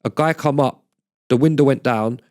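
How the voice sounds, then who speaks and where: A man's voice: mid-range voice, moderate pace, darkish tone. A middle-aged man, a podcast guest telling stories in blunt, swearing street slang. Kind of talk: casual storytelling chat.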